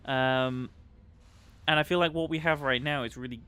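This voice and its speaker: A man's voice: mid-range voice, fairly even intonation, normal speed, pushed and bright, clean tone. A man with a British accent giving rambling, casual commentary while livestreaming a game. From Britain. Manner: chatty, rambling, with many fillers. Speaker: livestream gamer.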